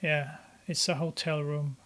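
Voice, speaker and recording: Slow, flat-voiced, hesitant film commentator. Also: medium pitch. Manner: hesitant, many filler pauses. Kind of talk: casual running commentary while watching a film.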